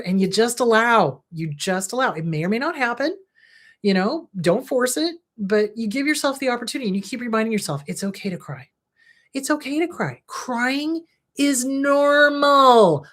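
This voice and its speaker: A middle-aged woman talks through grief in a casual, candid advice style. She shifts easily from blunt asides to soft, repeated reassurances. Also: mid-range voice. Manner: candid, frank, soothing reassurance. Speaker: podcast host, therapist.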